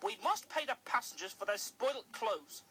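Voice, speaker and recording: A narrator playing a pompous railway boss, loud and scolding. He speaks slowly and with emphasis, in a bright, forceful tone. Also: mid-range voice, wildly swooping pitch, a little hiss or hum, voice pushed up, heavily acted. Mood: cross scolding.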